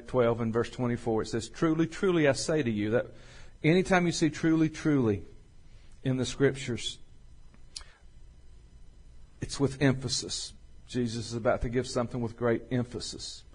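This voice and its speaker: A man preaching a sermon as pastor, slowing and swelling when he reads scripture. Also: medium pitch, fairly even intonation. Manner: folksy, swells louder and slower on scripture.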